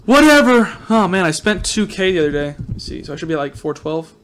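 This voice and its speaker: A man's voice: sits high, big pitch swings, fast talker, fairly bright tone. A man hosting a casual let's-play video, rambling and joking with viewers, his voice a little groggy from just waking up. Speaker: gaming video host.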